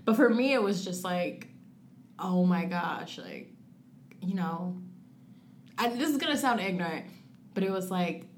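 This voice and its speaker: A young woman guest shares a personal story in casual conversation, her mid-range voice full of lively intonation. She says "like" often, acts out her earlier thoughts in quotes, and rushes phrases before slowing on key words. A little hiss or hum is audible.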